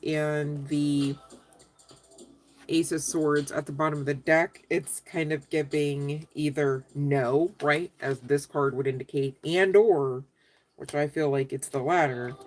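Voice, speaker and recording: A woman doing a casual live tarot reading, chatty and giggly, speaking straight to her viewers. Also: low-pitched. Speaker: tarot reader answering live chat.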